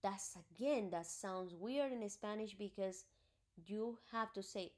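A woman speaks at an unhurried, deliberate pace as she teaches a recorded grammar lesson. She walks through each point patiently, one example at a time, at a pitch that sits in the ordinary middle range. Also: a little mellow. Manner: patient, explains step by step with examples. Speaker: Spanish teacher.

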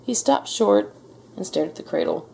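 A woman reading a children's picture book aloud in a gentle, measured storytelling manner. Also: medium pitch, animated, creaky, a little hiss or hum. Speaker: storybook reader. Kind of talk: children's read-aloud narration.

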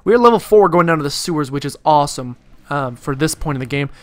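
A man's voice: fairly high pitch, expressive, fast, no echo. A man giving casual gameplay commentary, rambling and self-deprecating with jokey asides. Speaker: let's play commentator.

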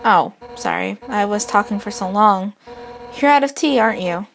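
A woman voicing a brash, hot-headed female fish warrior captain from a video game, blunt and boastful with gruff outbursts. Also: medium pitch, animated, moderate pace. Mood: earnest. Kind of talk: reading game dialogue aloud.

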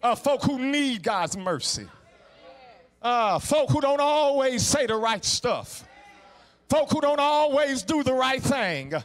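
A middle-aged man with a Southern US accent preaching in a Black church, emphatic, stammering repeats, a sing-song cadence that swings from hushed to shouting. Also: extremely high pitch, animated, slow pace, big-room sound. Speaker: guest preacher. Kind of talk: Black church sermon with call and response. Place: church sanctuary.

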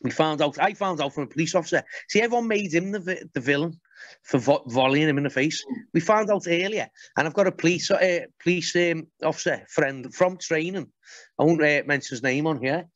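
A man's voice: on the high side, fairly quick, no room sound. Blunt, sweary man on a podcast. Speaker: podcast guest. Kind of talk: casual podcast chat. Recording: dull, muffled podcast audio.

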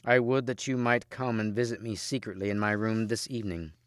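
A man voicing a lovesick queen of legend, speaking softly and tenderly in a storybook reading. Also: fairly low pitch, steady tone, a little fast, no echo, clean studio sound, close to an everyday voice. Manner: soft, tender, hushed.

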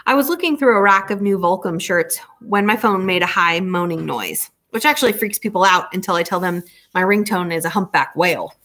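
A woman's voice: on the low side, fairly quick, hardly any pauses, fairly bright tone. A woman reading a novel aloud, narrating in a casual, conversational first-person way. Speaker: audiobook reader.

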